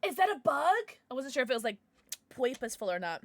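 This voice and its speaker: A woman's voice: high-pitched, fast talker, dry recording. A young woman livestreaming a game, chatting casually with her viewers and shrieking when she gets startled. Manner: excitable, shrieks at sudden scares, then chatty and apologetic. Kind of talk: live gameplay commentary chatting with viewers.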